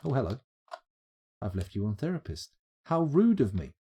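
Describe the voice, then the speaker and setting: A man's voice: mid-range voice, very animated, moderate pace, mellow, slightly rough. A man streaming live, giving chatty, wry gameplay commentary as he thinks aloud. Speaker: streamer playing a game.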